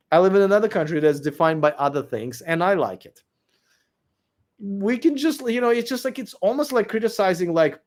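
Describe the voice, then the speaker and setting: Blunt man with a weak voice. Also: a little high. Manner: blunt, profane, repeats himself while arguing. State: losing his voice. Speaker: livestream host answering viewer comments. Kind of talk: late-night livestream chat.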